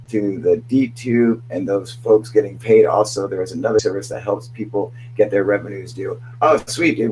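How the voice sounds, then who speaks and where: A man's voice: on the low side, poor audio. A young man hosting a casual live stream, reading chat aloud, swearing often and laughing as he rambles.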